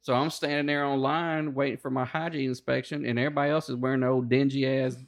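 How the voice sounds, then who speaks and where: A Marine veteran, a man, telling boot camp stories in a profane, animated casual chat. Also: mid-range voice, fast.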